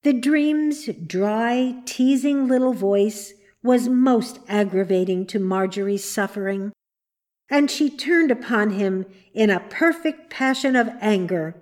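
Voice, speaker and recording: A woman narrating a storybook in a measured, unhurried reading voice. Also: a little high, a little mellow.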